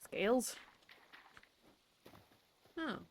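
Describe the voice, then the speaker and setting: A young woman streaming a game, chatting casually to herself and to the creatures she meets. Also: very slow. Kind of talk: casual gameplay commentary.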